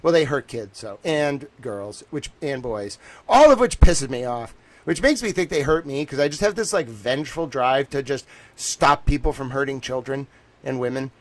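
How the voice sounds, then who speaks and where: A man streaming a casual rant, swinging between low mutters and near-shouting, often breaking into laughter. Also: expressive, moderate pace.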